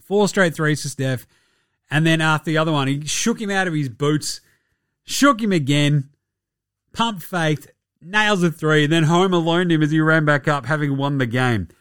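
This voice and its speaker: A man's voice: a little high, moderate pace, fairly bright tone, clean tone, no echo, studio quality. A young Australian man hosting a casual sports podcast, joking and swearing through his talk. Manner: irreverent, sweary, jokey banter. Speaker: podcast host.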